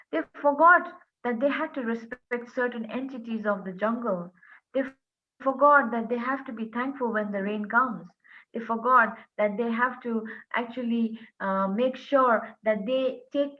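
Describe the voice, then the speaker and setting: A woman telling a folk story in an earnest, animated way, pausing often with fillers. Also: on the high side. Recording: tinny phone-like line.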